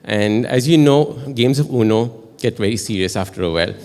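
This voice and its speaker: A man with an Indian English accent telling a personal story at a live storytelling show, chatty and animated, often asking the audience questions. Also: on the low side, a little fast, big-room sound. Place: stage in a performance hall.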